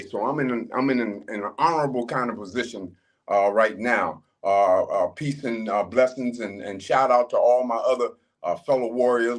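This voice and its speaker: A man speaking earnestly as a guest on a video call, often pausing on fillers. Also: medium pitch. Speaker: doctor guest. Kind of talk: casual call remarks.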